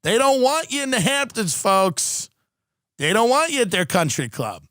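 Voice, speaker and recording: A man's voice: high-pitched, big pitch swings, moderate pace, fairly bright tone, no echo, clean studio sound. A male comedian and podcast host delivering a profane, sarcastic political rant.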